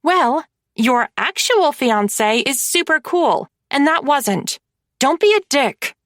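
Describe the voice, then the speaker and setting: A bratty young mafia sister, put on by a woman reading an audiobook, all sarcasm and fake sweetness. Her voice sits high and swings widely as she mocks. The sound is dry and close. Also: sing-song, takes it slowly, fairly bright tone, dry recording, full character voice. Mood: snarky. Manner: snarky, mocking, gushing.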